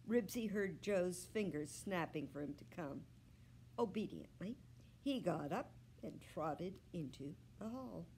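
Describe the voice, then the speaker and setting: A librarian woman reading a children's book aloud with slow, expressive storytelling. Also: on the low side, slight background noise.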